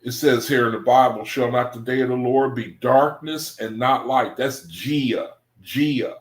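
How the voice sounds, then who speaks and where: A man's voice: mid-range voice, unhurried, echoey room. A man giving an informal Bible study talk in a loose, conversational way, often circling back and repeating himself. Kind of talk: informal scripture teaching monologue.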